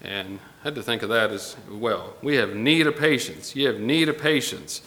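A man's voice: lowish voice, lively intonation, sharp tone. Man preaching in an echoing church. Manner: unhurried, pausing with fillers, reading scripture aloud. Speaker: pastor. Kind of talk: sermon. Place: church sanctuary. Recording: long hall reverb with faint ambience.

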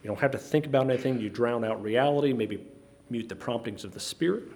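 A man preaching a sermon, earnest and halting, often restarting his sentences. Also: medium pitch, darkish tone.

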